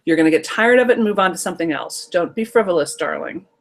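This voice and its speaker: A woman voicing a cautious, nervous mother who gently talks a child out of things. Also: animated, quick pace. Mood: dismissive. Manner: lower, soothing yet dismissive, calls listener darling. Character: cautious fretting mother, middle-aged.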